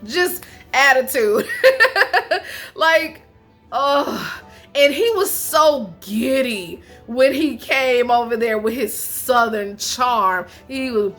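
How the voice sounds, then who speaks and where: Young female show reviewer: lively, casual, bright-toned, with soft music behind. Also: on the high side, takes it slowly. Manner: chatty and animated, laughs often, slangy asides. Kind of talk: casual chat.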